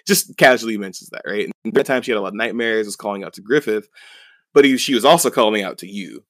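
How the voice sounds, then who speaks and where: A man's voice: fairly low pitch, fast talker, a bit bright, no echo. A young man co-hosting a podcast, casually recapping a story in a rambling way with many fillers and chuckles. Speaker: podcast co-host.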